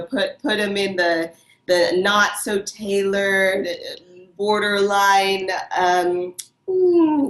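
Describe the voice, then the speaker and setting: A woman's voice: mid-range voice, fairly bright tone. A woman costume designer chatting as an interview guest, bubbly and enthusiastic, laughing often. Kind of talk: casual interview chat. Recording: echoey room.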